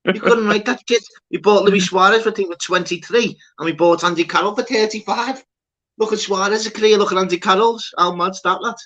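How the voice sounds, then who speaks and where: A man's voice: high voice, brisk, fairly bright tone, highs cut off. A man hosting a livestream, chatting casually, swearing and laughing, calling everyone "lad" and "mate". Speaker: livestream host. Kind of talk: casual chat.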